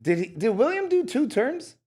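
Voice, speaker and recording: Animated joking man, lively pitch. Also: moderate pace, husky. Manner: animated, joking, says "bro" a lot. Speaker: podcast co-host. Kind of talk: casual chat.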